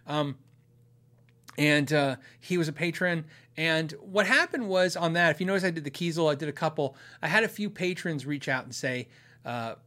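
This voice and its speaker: This middle-aged man from Arizona, USA, speaks a little high at normal speed with a sharp tone. As host of a guitar channel and podcast, he casually rambles through viewer questions, laughing often and restarting sentences.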